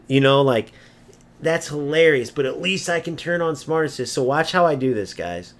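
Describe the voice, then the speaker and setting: A man with a fairly high voice calls out the game over live gameplay. His talk is brash and mocking, full of insults and swearing at other players. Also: normal speed. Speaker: video game streamer. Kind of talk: gameplay commentary rant.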